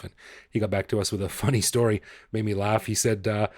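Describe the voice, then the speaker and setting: A man's voice: lowish voice, fairly even intonation, fast talker, darkish tone. A man co-hosting a casual podcast, chuckling often and repeating words as he thinks. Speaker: podcast co-host. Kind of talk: casual chat.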